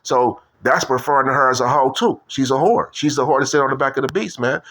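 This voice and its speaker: A man rambles on in a loose, profane monologue. He leans on street slang, repeats himself and keeps circling back. His voice sits at an ordinary middle pitch for a man. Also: fast talker, fairly bright tone. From Detroit. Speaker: video commentator.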